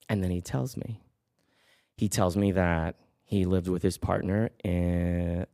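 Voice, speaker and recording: A man tells a personal story with a lot of life, acting out the people in it with voices that jump around. His voice is gravelly, and the sound is dry and close. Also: low voice, no echo. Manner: animated, acts out quotes. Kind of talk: live storytelling.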